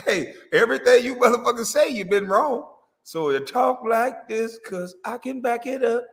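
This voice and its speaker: Boastful, lively man ranting with echo. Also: very high-pitched, a little slow. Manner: boastful, profane, laughing often. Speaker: livestream host. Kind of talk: comedic livestream rant.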